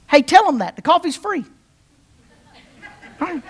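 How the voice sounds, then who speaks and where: A pastor telling a story from the pulpit in a loose, conversational sermon style. The voice swings up and down in pitch and loudness as the story builds, with phrases said twice over and frequent check-ins with the listeners. The talk is lively and unpolished rather than scripted. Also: a little slow. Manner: conversational, repeats phrases, asks the crowd "right?".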